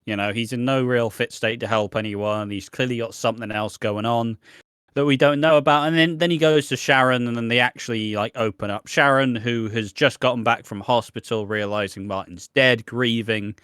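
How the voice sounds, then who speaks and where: A man's voice: mid-range voice, fairly even intonation, normal speed, a bit bright, clean tone, no room sound, clean studio sound. Swearing man recapping a soap. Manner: swears a lot, jokey. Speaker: podcast co-host. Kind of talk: casual chat recapping a soap.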